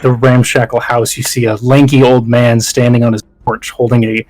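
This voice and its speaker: A man's voice: medium pitch, level tone, normal speed, a little mellow, poor audio. A man narrating as game master, rambling with lots of fillers.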